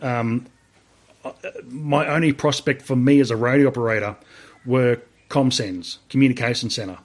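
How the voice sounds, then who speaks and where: A man's voice: mid-range voice, normal speed. An Australian man in his forties, an army veteran being interviewed, telling stories casually, swearing freely and acting out remembered dialogue.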